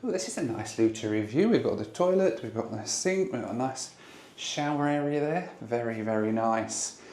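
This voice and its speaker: A man's voice: medium pitch, expressive, moderate pace, a little mellow. A man in his thirties, casually vlogging his travels to the camera in a chatty, upbeat way.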